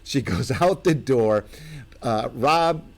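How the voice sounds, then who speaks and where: A man's voice: mid-range voice, lively intonation, takes it slowly. A man hosting his own live stream, chatting loosely and rambling through stories with lots of fillers. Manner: rambling, full of fillers and restarts. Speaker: host of his own channel. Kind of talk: live-stream casual chat.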